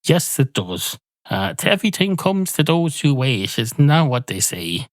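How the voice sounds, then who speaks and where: A man's voice: fairly high pitch, big pitch swings, measured pace, no echo, voice pushed up. A weary, glum barman, played by a man. He talks in a mopey, resigned way and sounds close to an everyday voice. The recording is dry and close.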